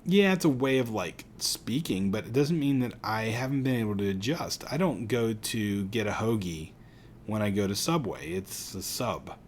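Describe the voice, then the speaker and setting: Casting: middle-aged male teacher, light Pittsburgh accent, lowish voice, relaxed lecture, faint rumble underneath. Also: normal speed. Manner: casual, rambling with fillers. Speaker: psychology teacher. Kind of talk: recorded lecture.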